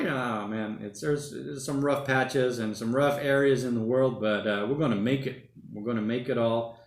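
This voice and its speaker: A man's voice: medium pitch, moderate pace. Laid-back man chatting in an echoey room. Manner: rambling, relaxed, says mate and bloody a lot. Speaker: livestream host. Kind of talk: casual livestream chat reading comments. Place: home during lockdown.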